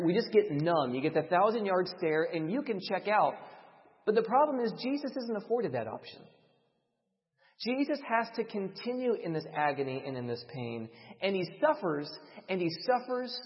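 Male preacher, high and very lively voice, dramatic sermon delivery, muffled long-reverb hall. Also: normal speed. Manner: dramatic, swings between loud emphasis and hushed delivery. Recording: dull, reverberant hall sound.

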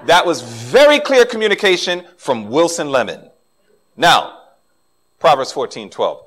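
A man's voice: fairly high pitch, unhurried. A middle-aged man preaching a sermon as a pastor, talking to the congregation and acting out the voices of people he quotes. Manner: animated, acts out quoted voices.

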